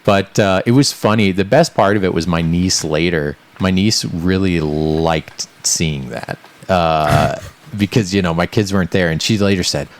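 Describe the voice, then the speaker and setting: A man's voice: sits low, unhurried. A middle-aged man from the American Midwest, co-hosting a podcast and telling a rambling anecdote with lots of fillers and acted-out quotes. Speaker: podcast co-host. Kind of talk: casual storytelling chat.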